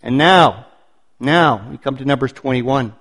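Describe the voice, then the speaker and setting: A man preaching a sermon, building points through emphatic repetition and slowing down on stressed phrases. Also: medium pitch, a bit bright.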